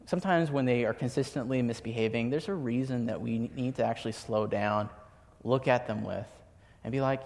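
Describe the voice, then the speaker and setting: A man's voice: medium pitch, brisk, gravelly, darkish tone. A young man giving a sermon, telling personal stories in a casual, chatty way with lots of filler words. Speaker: preacher. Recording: long hall reverb.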